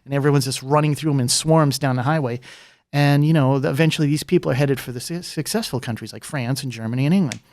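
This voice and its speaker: Male guest, quick rambling talker, fillers galore, dry close mic. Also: mid-range voice, a little mellow, no echo. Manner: rambling, fast, many fillers and asides. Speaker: guest, former political candidate. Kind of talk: casual political chat.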